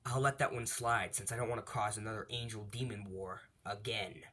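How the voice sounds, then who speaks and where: A man's voice: on the low side, steady tone, a little fast, sharp tone, breathy edge. A man voicing a vengeful fallen angel father who taunts and scorns his enemies, in a casually retold fan story. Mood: mocking.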